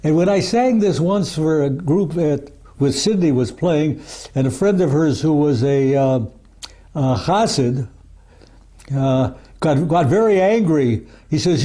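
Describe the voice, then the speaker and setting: A man on the higher side of male pitch, with a mellow, rounded tone. He talks as an archivist in a casual interview and wanders from point to point. He restarts his sentences and tags them with "you see.". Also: animated, a little slow. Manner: rambling, with many restarts and asides of "you see" and "you know".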